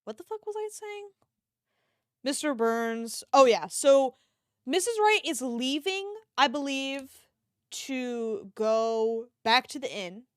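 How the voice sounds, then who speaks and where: A woman's voice: sits high, expressive, slow pace, smooth, dry recording, clean studio sound. A woman chatting casually on a livestream, rambling and swearing freely while she retells a film. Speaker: art streamer. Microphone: desk microphone.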